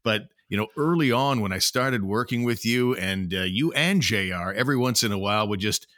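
Upbeat low-voiced podcast host. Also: male voice, lively intonation, brisk, fairly bright tone, no echo. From Canada. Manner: upbeat, jokey, laughs easily. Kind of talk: casual chat.

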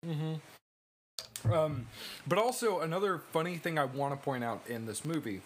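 A man's voice: on the high side, lively intonation, a little slow, a little hiss or hum. Young man chatting loosely on a podcast. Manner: laughing, loose storytelling with swearing. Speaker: podcast co-host. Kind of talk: casual chat.

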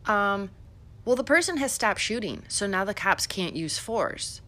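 A woman's voice: medium pitch, expressive, measured pace, bright, forceful tone. A middle-aged woman from Illinois hosting a podcast, giving chatty, sarcastic political commentary with many fillers. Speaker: podcast host.

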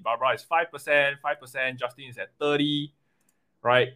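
A man coaching an investing webinar live, animated and often checking in with "right?" and "okay?". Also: medium pitch, a little fast, faint music behind.

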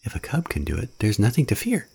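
Eager jungle boy, raised and bright over a husky base, read by a man. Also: medium pitch, huge pitch swings, fast, voice pushed up, heavily acted.

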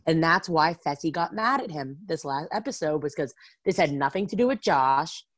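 A woman chatting casually about reality TV, full of "like" and quick asides. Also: deep voice, lively intonation, no room sound. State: has the hiccups.

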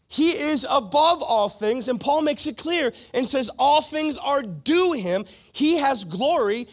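Animated, high-voiced male preacher. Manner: animated preaching, conversational asides and playful impressions. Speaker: pastor. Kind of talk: sermon.

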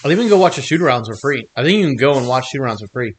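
A man co-hosting a podcast in casual chat, animated, laughing and swearing often. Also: mid-range voice, rapid-fire, a little hiss or hum. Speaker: podcast co-host.

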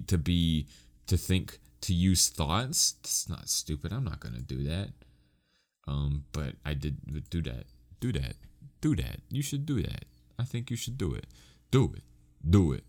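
A young man hosting a podcast on his own, chatting casually, rambling off on tangents and poking fun at himself. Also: very deep voice. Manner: rambling, self-mocking, goes off on tangents. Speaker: podcast host. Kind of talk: casual solo podcast chat.

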